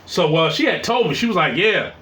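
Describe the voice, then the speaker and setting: A man's voice: a little high, expressive, fast, fairly bright tone. Profane, rambling male storyteller, echoey room. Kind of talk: casual personal storytelling.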